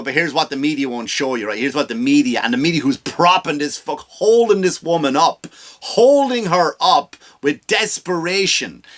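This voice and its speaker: Guy ranting on his comedy podcast, sarcastic and sweary, kinda high, sharp bright tone. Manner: sarcastic, profane; mocking, exaggerated. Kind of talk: comedic rant.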